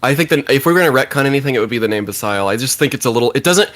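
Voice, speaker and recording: Man, podcast co-host, casual chat, lively pitch, laughs a lot, restarts sentences. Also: rapid-fire. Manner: animated, laughs often, restarts mid-sentence. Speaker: podcast co-host, band member.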